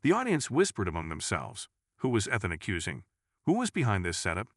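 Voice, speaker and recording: A man narrating a dramatic courtroom story in a suspenseful, measured reading. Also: lowish voice, huge pitch swings, no echo, studio quality.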